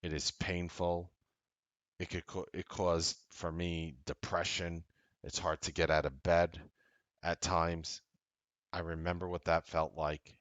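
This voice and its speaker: A man hosting a trading show, giving a casual, blunt motivational talk that grows loud and emphatic, with frequent swearing. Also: low voice, little pitch movement, takes it slowly, no echo, muffled recording. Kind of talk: motivational talk to a live audience.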